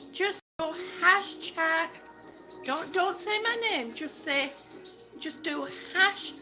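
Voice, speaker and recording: High-voiced chatty woman walking and talking. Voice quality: rambling, chatty, self-described waffler. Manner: laughs often, talks while walking. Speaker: livestream vlogger. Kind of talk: casual livestream chat while walking. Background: background music.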